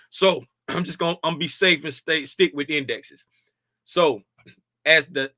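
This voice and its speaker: Man, casual chart walkthrough, keeps saying "right?", tired, bright sharp tone, dry close sound. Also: a little high, dry recording. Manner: conversational, repeats "right?" often, colloquial speech. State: tired, dragging. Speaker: futures trading educator.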